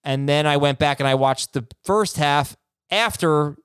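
A man's voice: a little high, measured pace, a bit bright, smooth, dry recording, studio quality. A man hosting a fantasy football podcast, reading listener questions in an easygoing, casual way. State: tired, yawning.

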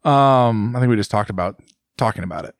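A man's voice: lowish voice, a little fast, creaky, no room sound, studio quality. A man co-hosting a casual motorcycle chat, rambling with many fillers and restarts. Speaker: podcast co-host.

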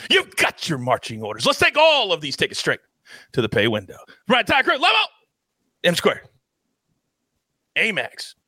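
A man hosting a sports betting show with energetic, playful hype and big swings in his delivery. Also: mid-range voice, no room sound. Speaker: host.

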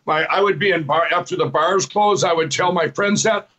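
Earnest high-voiced man telling his story. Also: moderate pace, sharp tone, muffled recording. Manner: rambling, repeats "I said" while retelling dialogue. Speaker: guest telling his testimony. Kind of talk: personal storytelling.

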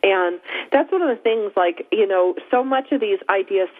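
A woman's voice: mid-range voice, lively intonation, moderate pace. A woman co-hosting a casual chat show, talking in a chatty way with frequent laughs and mocking asides. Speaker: podcast co-host. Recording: tinny phone-like line.

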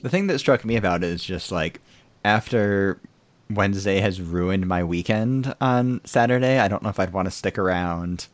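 Podcast host, man, very low voice, dry close sound, meandering chat. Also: moderate pace, no room sound. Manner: rambling with many fillers. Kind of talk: casual chat.

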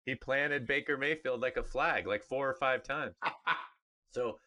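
A man's voice: mid-range voice, unhurried. A middle-aged man, a former pro player, co-hosting a sports podcast in casual, emphatic chat. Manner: animated, emphatic, mimics others in funny voices.

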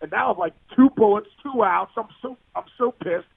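A man telling a long sports story in a podcast interview, animated and tumbling over his words with restarts. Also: high-pitched, moderate pace, gravelly, slightly rough, no echo. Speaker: guest, former baseball player. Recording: dry, phone-like line.

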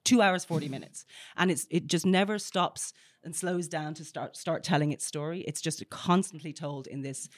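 A woman's voice: low voice, moderate pace, no echo, studio quality. Emphatic Irish-born woman critic, blunt. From Ireland. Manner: emphatic, blunt, many restarts. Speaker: film critic. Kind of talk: podcast discussion.

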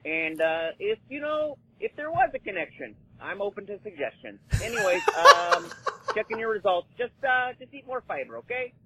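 A man's voice: high-pitched, big pitch swings, bright, forceful tone, slight background noise, full character voice. A man doing an awkward doctor on voicemail. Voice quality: hesitant, awkward, halting. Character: awkward male proctologist leaving a voicemail. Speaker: caller. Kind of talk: comedic voicemail. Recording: muffled voicemail audio.

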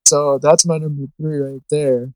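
A man's voice: fairly high pitch, little pitch movement, measured pace, darkish tone, no room sound, poor audio. A man co-hosting a podcast, laid-back and swearing casually in chat. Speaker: podcast co-host.

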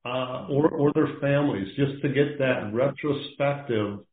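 A man as a podcast guest, talking casually over the phone in a rambling, halting way with lots of fillers. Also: medium pitch. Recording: echoey tinny phone line.

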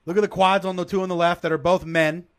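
A man with a fairly high voice co-hosts a casual podcast. He riffs with plenty of energy. The chat is loose, easygoing banter. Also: fast talker. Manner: animated, riffing. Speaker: co-host.

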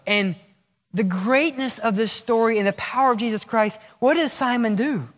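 In an echoey sanctuary with long reverb, a pastor delivers his sermon in a very high, fairly bright voice at normal speed. He quizzes the congregation, supplies the answers, and plays out brief prayers and responses.

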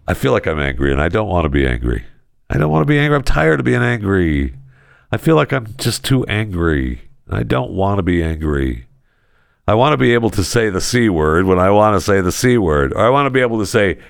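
A man with a low, gravelly voice rants through a casual comedy podcast, sarcastic and exasperated. His pitch leaps and dips with every jab. The sound is dry and close. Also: dry recording. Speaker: podcast co-host. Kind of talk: casual comedic talk-show rant.

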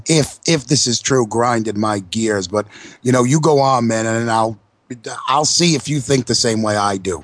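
A man co-hosting an internet radio show, griping in casual, profane wrestling talk, sometimes dropping to hushed asides. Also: medium pitch, moderate pace, no echo. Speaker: podcast co-host.

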